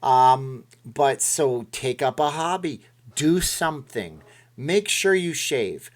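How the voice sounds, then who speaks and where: A man's voice: medium pitch, animated, takes it slowly. A middle-aged man hosting a casual livestream from home, giving rambling motivational talk and reading viewer messages. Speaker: livestream host.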